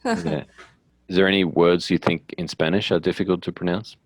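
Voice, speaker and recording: An Australian man hosting a relaxed, chatty conversation. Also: low-pitched, moderate pace, gravelly, no room sound. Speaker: English teacher, host. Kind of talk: casual conversation.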